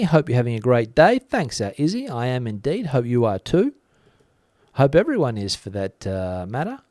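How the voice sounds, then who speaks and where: A man hosting a live stream, casually reading out viewer comments and greeting people by name, with frequent pauses and fillers. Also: fairly high pitch, darkish tone, clear, resonant tone, no echo, studio quality. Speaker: channel host.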